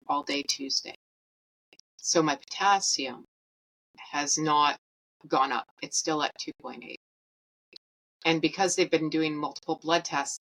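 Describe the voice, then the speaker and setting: A young woman from Canada tells a personal story as a podcast host. Her voice sits low but carries a bright, forceful edge. She is candid and self-mocking, and she plays out each exchange with lively quoted dialogue. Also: poor audio. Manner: animated, acts out quoted dialogue; candid and self-mocking, laughs while telling.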